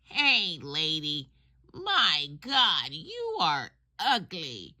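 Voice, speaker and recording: A woman's voice: sits low, huge pitch swings, extremely slow, bright, forceful tone, pitched above the performer's own voice, heavily acted. A woman voicing a rude, cheeky pet-store parrot that taunts bluntly. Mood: taunting.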